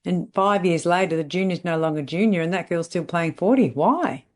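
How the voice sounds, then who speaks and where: A woman's voice: fairly low pitch, normal speed. Blunt, emphatic woman coach. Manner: blunt, emphatic, repeats catchphrases and asks "right?". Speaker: salon business coach. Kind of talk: podcast monologue.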